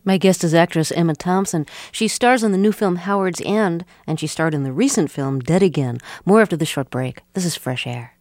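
A woman hosting a radio interview, introducing her guest and asking measured questions. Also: on the low side, a little mellow, dry recording.

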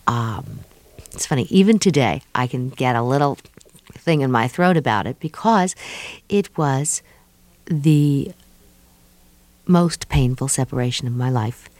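A middle-aged woman from New York, a guest speaking thoughtfully in an interview and pausing often with fillers. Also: very deep voice, darkish tone, dry recording. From New York, USA. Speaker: guest, author of an autobiography. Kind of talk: reflective interview talk.

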